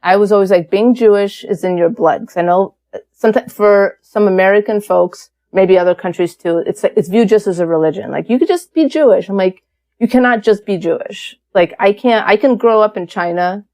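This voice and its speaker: A woman's voice: mid-range voice, a little fast. A woman guest on an interview podcast, telling her story in a casual, candid way with lots of fillers. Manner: chatty, many fillers, animated and candid.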